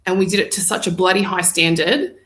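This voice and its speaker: A woman, a podcast guest, talking football with enthusiasm in long, excited stretches. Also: lowish voice, a little fast, echoey room. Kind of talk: casual football chat.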